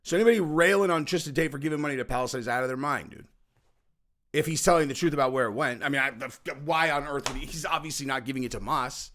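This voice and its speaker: A man's voice: mid-range voice, fast talker, pushed and bright. A man hosting a podcast, giving an opinionated commentary monologue, emphatic and repetitive, acting out other people's reactions in quoted asides. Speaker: podcast host.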